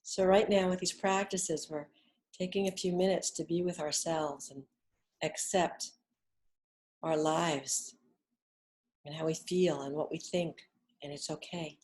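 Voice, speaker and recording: A middle-aged woman leading a gentle guided relaxation lesson, speaking softly and soothingly, with whispered exhales between instructions. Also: deep voice, fairly even intonation, a little slow, long pauses. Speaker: wellness instructor.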